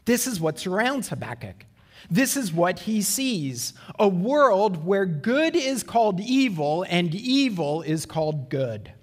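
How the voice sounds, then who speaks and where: A man preaching a sermon in an earnest way, asking rhetorical questions and slowing down for emphasis. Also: high-pitched, very animated, big-room sound. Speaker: pastor.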